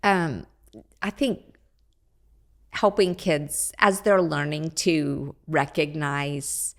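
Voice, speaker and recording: Older lady, low gravelly voice, talks slow and calm about parenting. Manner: calm, measured, unhurried advice. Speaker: parenting expert guest. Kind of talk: casual podcast chat.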